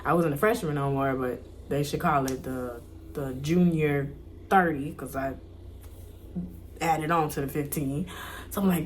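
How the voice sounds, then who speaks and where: A young woman with a slightly low voice shares a personal faith testimony straight to camera. She talks earnestly, leaning on repetition and emphasis, and at times sinks into soft, breathy near-whispers. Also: normal speed, slight background noise. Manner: drops to soft near-whispers when reliving prayers. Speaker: vlogger.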